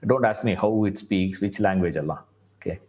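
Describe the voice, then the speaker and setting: A man's voice: low voice, fairly quick, a little mellow. A man, a spiritual teacher telling a story conversationally, often checking in with listeners. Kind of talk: storytelling talk.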